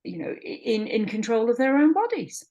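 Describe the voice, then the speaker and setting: A woman's voice: fairly high pitch, sing-song, normal speed, dark tone, lo-fi sound. A middle-aged woman, a midwife, speaking in an interview with passionate emphasis and repeated words. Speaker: midwife and guest. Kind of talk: conversational interview.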